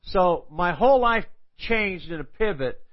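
A man's voice: sits high, expressive, unhurried. An older man preaching, telling a personal testimony in a storytelling way and acting out the people he quotes. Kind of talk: sermon testimony. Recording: dull lo-fi sound.

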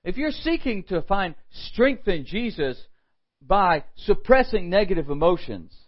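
A man preaching a morning sermon, animated, with quoted asides and frequent rhetorical questions. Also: sits high, measured pace, slightly rough, highs cut off. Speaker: pastor.

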